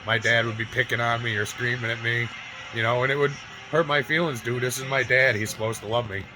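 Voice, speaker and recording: A man's voice: mid-range voice, steady tone, brisk, poor audio. A man in his forties telling a painful personal story to camera, emotional and near tears, swearing freely and often tagging his sentences with "right?" and "you know?". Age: 40s. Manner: raw, profane, keeps adding "right?" and "you know?". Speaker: fitness vlogger. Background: music.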